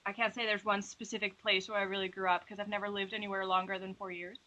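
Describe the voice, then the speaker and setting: A young woman from the Netherlands speaks as an interview guest, unhurried and reflective, filling pauses with little hesitations. Her voice is bright and clear in tone. The audio sounds slightly dull and lo-fi. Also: medium pitch. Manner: relaxed, reflective, uses many fillers. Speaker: illustrator and animator guest. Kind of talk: interview conversation.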